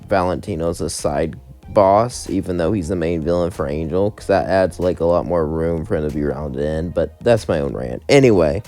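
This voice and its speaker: A man's voice: low voice, mellow. A man casually narrating a fan story, rambling and chaining events with "as then", with light voices for the quotes. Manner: rambling, strings clauses with "as then", lightly voices each character.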